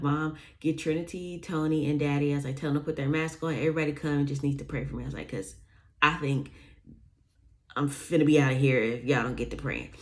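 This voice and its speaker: A young woman casually telling a personal story, rambling with lots of fillers and restarts, sometimes dropping to a near-whisper on asides. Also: deep voice.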